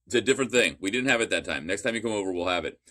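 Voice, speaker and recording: A man's voice: lowish voice, lively intonation, racing, bright, forceful tone. A man in casual podcast chat, telling long rambling stories with restarts and the odd curse.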